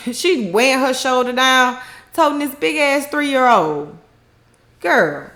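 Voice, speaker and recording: A woman's voice: high voice, expressive, slow pace, fairly bright tone. A woman casually recapping a TV episode, retelling scenes in her own words with slang and frequent laughter. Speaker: recap host.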